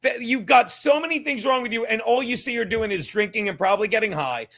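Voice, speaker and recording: A man hosts a live stream in a loud, profane rant, mocking people and repeating his points. His voice sits unusually high and sounds bright and piercing. He often rises into shouts. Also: quick pace. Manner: repeats himself, shouts at times. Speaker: streamer host. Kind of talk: ranting live stream commentary.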